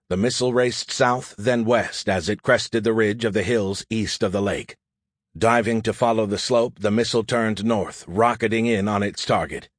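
A man narrating a military sci-fi audiobook in a steady, vivid storytelling manner. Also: fairly low pitch, no echo, clean studio sound. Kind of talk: scripted narration.

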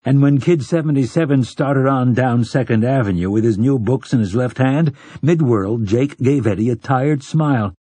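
A man narrating an audiobook in a measured, even storytelling manner, with a husky voice. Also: mid-range voice, no room sound. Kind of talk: scripted narration.

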